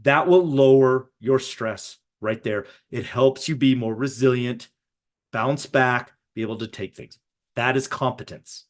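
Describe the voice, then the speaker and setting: A middle-aged man presenting a live webinar to educators over a video call, talking conversationally and often checking in with "right?". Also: mid-range voice.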